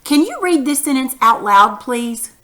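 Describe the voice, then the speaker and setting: A woman's voice: sits high, expressive, unhurried, sharp tone. A woman teaching a punctuation lesson to young children, patient and encouraging, reading example sentences aloud with exaggerated emphasis.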